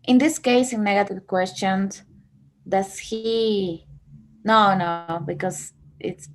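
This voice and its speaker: Woman, student, slow pace, hesitant, tries out answers. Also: medium pitch, fairly even intonation. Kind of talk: language lesson practice.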